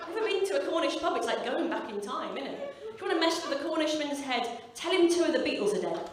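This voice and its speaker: A woman in her forties from the English Midlands performs a brash, sweary, punchy stand-up set in a club. Her high voice swings widely in pitch at a quick pace, caught on a stage mic from a distance in an echoey room. A loud crowd laughs in the background.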